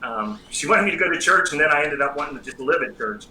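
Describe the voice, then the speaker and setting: A middle-aged American man, a priest and psychology professor, tells his story as an interview guest with lively, self-deprecating humor. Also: on the high side, fast talker, crowd noise. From United States. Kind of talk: personal testimony in a casual interview. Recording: roomy echo with faint background noise.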